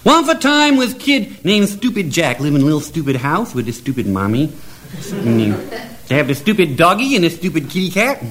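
A man's voice: on the high side, very animated, a little fast, fairly bright tone. A man telling a comic folk tale in playful, mock-broken grammar, often chuckling. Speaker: storyteller. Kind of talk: comic oral storytelling.

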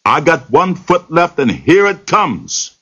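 A man voicing a frantic, tricky male rabbit in a told folktale, crying out in drawn-out pleas. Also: medium pitch, huge pitch swings, a little mellow, breathy edge, pitched above the performer's own voice, full character voice. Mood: pleading. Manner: pleading, drawn-out cries. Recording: dull lo-fi recording.

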